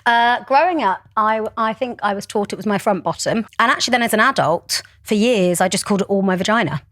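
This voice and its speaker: A woman's voice: medium pitch, brisk, a bit bright, no echo, studio quality. A woman, a brand founder speaking passionately and articulately as a podcast guest. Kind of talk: podcast interview.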